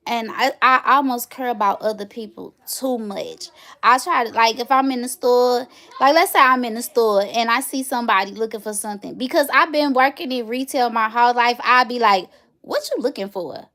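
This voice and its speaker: A woman in her thirties hosting a casual livestream, chatting straight to her viewers and telling stories with animated energy. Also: on the high side, moderate pace. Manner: chatty, animated storytelling, addresses viewers directly. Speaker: livestream host.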